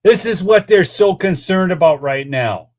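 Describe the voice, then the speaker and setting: A man's voice: sits high, expressive, moderate pace, a little mellow. A man hosting a political commentary show, talking straight to his viewers in a worked-up, exasperated way between clips. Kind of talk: ranting commentary over clips.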